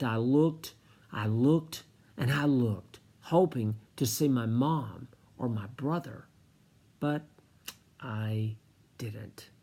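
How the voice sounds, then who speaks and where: A man from the United States telling a personal story slowly and with feeling, often dropping to a whisper. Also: medium pitch, mellow, breathy edge.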